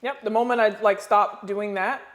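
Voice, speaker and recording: Animated woman telling stories. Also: medium pitch, moderate pace. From United States. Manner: animated storyteller, slangy, acts out voices. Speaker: podcast guest, former pro basketball player. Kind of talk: casual storytelling interview.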